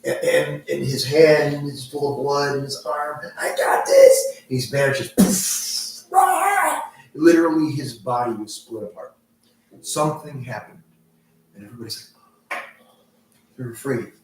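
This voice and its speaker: A man's voice: medium pitch, fairly even intonation, measured pace. A man narrating a tabletop role-play game as game master, rambling loosely with many fillers. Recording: echoey room, mic far off, faint noise.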